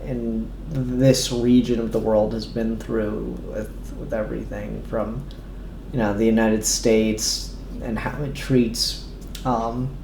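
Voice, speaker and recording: A man's voice: mid-range voice, vocal fry, darkish tone, a little hiss or hum. A man reviewing comics in a casual chat, rambling with lots of ums and restarts and casual swearing. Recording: echoey room with faint ambience.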